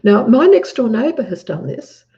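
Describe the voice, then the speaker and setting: A woman's voice: on the high side, big pitch swings, normal speed, vocal fry. A woman with an Australian accent talking earnestly in casual conversation, acting out quotes as she tells a story. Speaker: guest. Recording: dull lo-fi audio.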